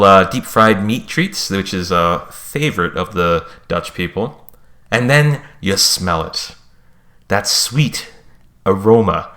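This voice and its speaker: A man's voice: lowish voice, pushed and bright. A young man chatting casually as a podcast host, telling rambling, playful stories. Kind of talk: casual chat.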